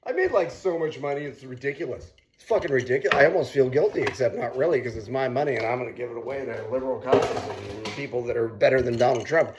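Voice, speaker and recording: A man cooking and chatting on his own vlog, rambling and swearing freely, with sudden loud outcries. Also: mid-range voice, quick pace, hardly any pauses, noisy background. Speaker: cooking vlogger.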